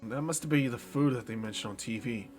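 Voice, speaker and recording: A man's voice: medium pitch, brisk, soft background music, voice pushed down, close to an everyday voice. A man voicing a brash young female police officer in a game, bossy and matter-of-fact.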